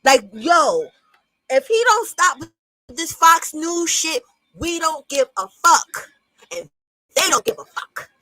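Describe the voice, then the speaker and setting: A woman giving reaction commentary with a high voice. She talks bluntly and mockingly, swearing often. The recording is dry and close. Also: expressive, slow pace, bright, forceful tone, dry recording, low-quality recording. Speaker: commentary host.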